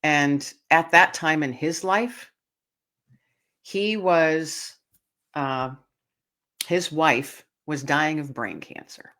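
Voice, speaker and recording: A woman's voice: low-pitched, drawn-out words, pauses often, a bit bright. A woman hosting a podcast, tearful and earnest as she tells a personal story and speaks directly to her listeners. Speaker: podcast host.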